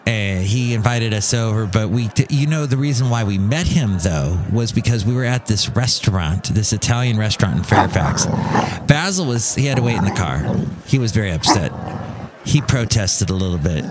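A man's voice: fairly low pitch, animated, moderate pace, very noisy. Rambling, jokey man hosting a podcast. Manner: rambling and jokey, sing-song. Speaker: podcast host. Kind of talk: casual monologue.

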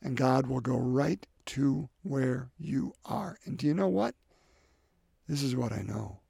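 Male preacher giving a sermon, husky gravelly tone, dry close sound, earnest, repeats his lines and drops to a hush. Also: mid-range voice, lively intonation, measured pace, no room sound. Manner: earnest, repeats phrases, swings between loud and soft.

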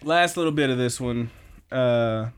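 A man's voice: medium pitch, a little slow, clear, resonant tone. A man hosting a podcast, casually retelling anime episodes with lots of fillers. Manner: rambling, filler-heavy retelling with quoted lines. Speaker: podcast host. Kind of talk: casual anime recap chat.

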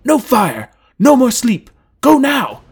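A man voicing a gruff, irritable alien male warrior who barks orders in broken, clipped English. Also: very high-pitched, huge pitch swings, slow, voice pushed up, full character voice. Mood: angry shouting. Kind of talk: audiobook character voice.

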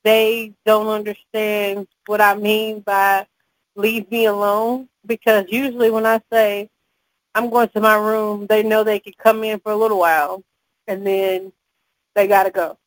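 A woman, a mother and podcast co-host, chatting casually and telling animated stories with frequent laughs. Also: medium pitch, measured pace, no room sound, low-quality recording. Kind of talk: casual chat.

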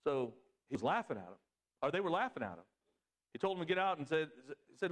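A man preaching to his congregation, his voice set a touch high for a man. He climbs sharply in pitch to stress his points, then drops low and quiet as he reads scripture and makes his case. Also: fast talker. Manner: animated preaching, swings pitch up for emphasis. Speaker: pastor. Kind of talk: sermon.

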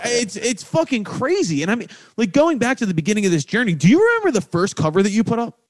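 A man hosting a podcast interview, lively and joking, asking the guest questions. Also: high-pitched, fast, a crowd in the background. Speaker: podcast host.

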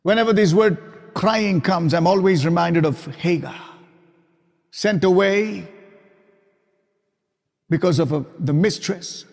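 High-voiced pastor preaching in a reverberant hall. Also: male voice, takes it slowly, gravelly, pauses often. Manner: emphatic preaching, dropping to soft whispers for quoted lines. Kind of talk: sermon.

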